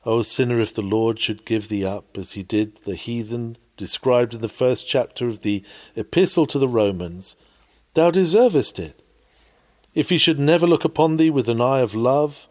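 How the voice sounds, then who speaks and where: A man reading an old-fashioned sermon aloud, fervent and pleading, rising and falling sharply in pitch and volume and slowing down on key phrases. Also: lively intonation, darkish tone.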